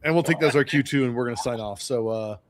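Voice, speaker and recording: A man's voice: mid-range voice, fast talker, slight background noise. A man hosting a podcast, laid-back and casual, laughing easily and swearing freely. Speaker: podcast host.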